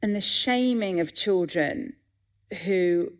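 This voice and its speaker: A woman in her fifties, a comedian and author in a live festival conversation, telling self-mocking stories with lively energy. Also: mid-range voice, slow. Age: 50s.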